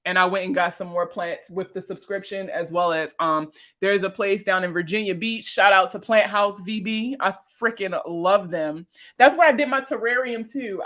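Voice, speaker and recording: A woman chats casually on a livestream, rambling from topic to topic. She swears freely and laughs easily, and her voice is bright and forceful. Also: mid-range voice. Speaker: personal finance creator and veteran.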